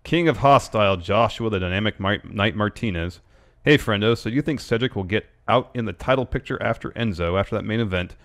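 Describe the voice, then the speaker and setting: A man's voice: lowish voice, a little fast, a bit bright. A man co-hosting a podcast, reading listener questions in a dry, matter-of-fact casual chat. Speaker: podcast co-host.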